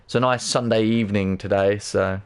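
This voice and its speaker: On a gaming stream, an excitable British man talks casually at a moderate pace in a lowish, creaky voice that's clear and resonant. He curses frequently and tends to stammer or begin sentences over.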